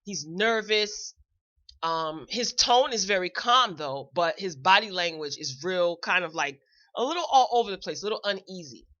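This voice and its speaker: A woman's voice: fairly low pitch, lively intonation, moderate pace, fairly bright tone, muffled recording. A woman hosting a show, giving a chatty, opinionated recap in a casual, blunt way. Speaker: show host reviewing a celebrity video.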